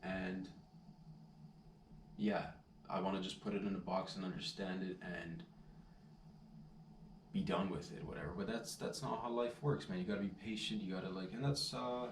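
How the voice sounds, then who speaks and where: Low-pitched and steady in tone, a man vlogs at a moderate pace with long pauses, telling a casual story in a rambling, laid-back manner. "Dude" and "man" come up constantly. There's a little hiss or hum, and the distant mic picks up a roomy sound and faint ambience.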